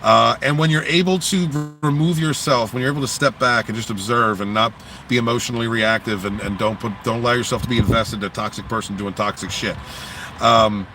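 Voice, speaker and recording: A man hosting a casual livestream, talking bluntly and profanely in an animated rant, outdoors near traffic. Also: medium pitch, brisk. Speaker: livestream host.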